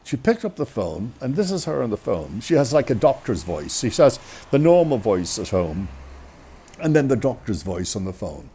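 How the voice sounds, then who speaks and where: A man telling a funny personal story in an animated, self-mocking way. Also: mid-range voice, moderate pace, slightly rough. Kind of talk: comic storytelling.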